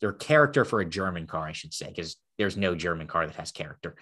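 A man with a fairly low voice talks cars with a friend. His delivery is loose and conversational, with frequent restarts and asides. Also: lively intonation, fast talker, bright, forceful tone, husky. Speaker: co-host. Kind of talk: casual car chat.

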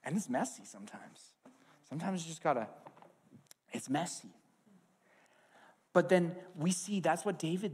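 Animated preaching man. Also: on the high side, normal speed, pauses often, husky. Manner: animated, swings from hushed to loud. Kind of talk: sermon with an object lesson.

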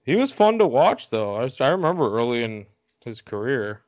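A man's voice: medium pitch, sing-song, normal speed, darkish tone, dry recording, highs cut off. A man co-hosting a podcast, chatting casually about baseball, laid-back and jokey, often laughing. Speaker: podcast co-host. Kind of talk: casual chat.

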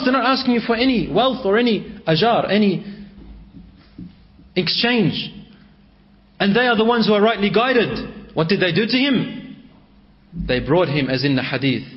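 A man preaching a sermon in storytelling style, swinging between raised and hushed delivery. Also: high voice. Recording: dull lo-fi recording.

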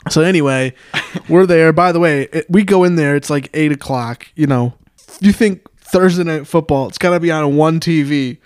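A man's voice: on the high side, moderate pace, clear, resonant tone, no room sound, studio quality. A young man co-hosting a podcast, telling a story in casual chat, swearing and laughing often. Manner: animated storyteller, swears, laughs often, puts on voices for quotes. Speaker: podcast co-host.

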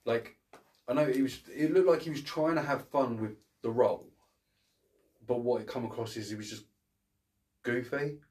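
Guy ranting about a movie, swears a lot, blunt, mid-pitched voice. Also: normal speed, pauses often, a little mellow. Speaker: podcast co-host. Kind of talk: casual film review chat.

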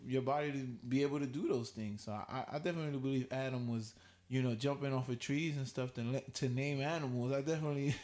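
Male podcast host, casual round-table chat, animated, laughs a lot. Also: medium pitch. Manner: animated, laughs easily, mock voices when quoting.

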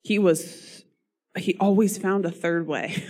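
Woman preacher, hoarse voice going, earnest sermon delivery, coughs between phrases. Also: medium pitch, fairly even intonation, slow, a little mellow. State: hoarse, losing her voice.

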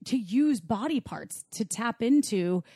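A woman's voice: a little high, expressive, measured pace, mellow, slightly rough, dry recording, clean studio sound. A woman co-hosting a podcast, chatting in a playful, rambling way. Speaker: podcast co-host. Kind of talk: casual chat.

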